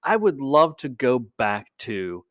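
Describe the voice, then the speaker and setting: Halting American man, dry close sound. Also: mid-range voice, sing-song, a bit bright, no echo. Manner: halting, loses his train of thought. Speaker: podcast co-host. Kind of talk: casual chat.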